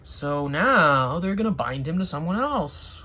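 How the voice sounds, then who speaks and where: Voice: mid-range voice, very animated, unhurried, very noisy. A TV reviewer chatting casually through an episode, with sarcastic asides and rambling restarts.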